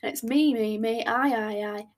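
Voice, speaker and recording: A young woman hosting a podcast, telling a date storytime in a blunt, animated way with swearing and acted-out dialogue. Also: on the high side, normal speed. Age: young adult. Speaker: podcast host.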